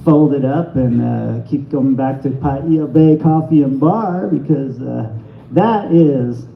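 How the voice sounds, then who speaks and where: Rambling stand-up comic in an echoey bar. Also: male voice, medium pitch, creaky, slight background noise. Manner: rambling, self-deprecating, halting delivery with restarts. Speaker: stand-up comedian at an open mic. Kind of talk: stand-up set with crowd work. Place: small bar comedy venue. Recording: echoey, dull-sounding room recording.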